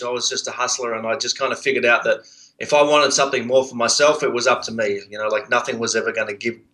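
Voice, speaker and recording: A man with an Australian accent, a podcast guest telling his business story in a relaxed, rambling way with lots of fillers. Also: mid-range voice, low-quality recording. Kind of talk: casual interview storytelling.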